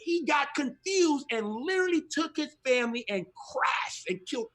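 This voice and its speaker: A man's voice: extremely high pitch, animated, moderate pace, a bit bright. A middle-aged man speaking from home as a guest on a ministry talk show, giving an impassioned testimony in an emphatic, repetitive, preacherly cadence.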